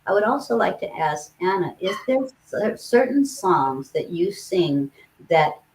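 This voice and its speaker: A woman with a fairly low voice hosts a casual talk over a video call. She asks her questions in a rambling way, pausing often and starting over. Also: sing-song, a little mellow, slight background noise, poor audio. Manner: rambling, with hesitations. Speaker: host. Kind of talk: casual chat, hosting.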